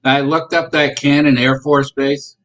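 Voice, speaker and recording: Brief: male co-host, slow-talking and halting, passing along what he read. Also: on the high side, flat delivery, fairly bright tone, rough recording. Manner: hesitant, relaying claims with fillers. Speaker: podcast co-host. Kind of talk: casual podcast chat.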